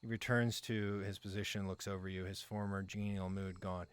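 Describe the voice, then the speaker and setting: A man's voice: deep voice, level tone, normal speed, few pauses, clean tone. A man hosting a game playthrough, reading the story text and making dry, profane asides. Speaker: let's play host.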